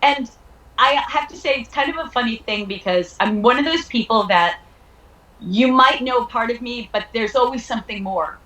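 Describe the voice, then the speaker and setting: A woman from Long Island chats as a guest on an interview show, bubbly and playful, often breaking into laughs. Her voice sits fairly high, and the room around her rings with echo. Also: normal speed, fairly bright tone. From Long Island, New York. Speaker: guest actress. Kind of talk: casual interview chat.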